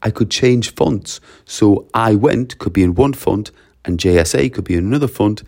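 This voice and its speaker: Geordie man, teacher type, deep gravelly voice, mellow tone, emphatic list-by-list explainer. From North East England. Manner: emphatic, runs through lists in a brisk, repetitive way. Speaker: language teacher. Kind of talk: casual explanatory monologue.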